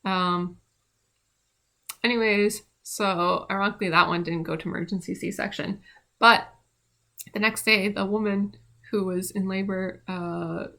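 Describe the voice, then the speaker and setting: A woman's voice: medium pitch, fairly even intonation, unhurried, gravelly, long pauses, sharp tone. A young woman casually telling a rambling personal story about her midwifery training, with many fillers and restarts.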